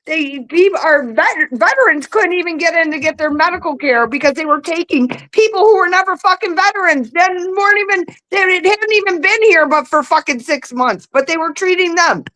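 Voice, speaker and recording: A woman's voice: very high voice, normal speed, hardly any pauses, sharp tone, rough recording. A woman guest on a video call, ranting bluntly and profanely in a heated political chat.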